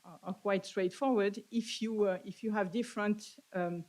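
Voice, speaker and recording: Halting woman with a French accent. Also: medium pitch, fairly even intonation, darkish tone, poor audio. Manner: halting, with frequent "uh" fillers and restarts. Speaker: conference speaker. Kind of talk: academic conference talk.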